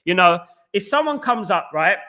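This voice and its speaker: A man hosting a casual football fan livestream, reading viewer comments and giving repeated shout-outs, with a Northern English accent. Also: high voice, expressive, normal speed.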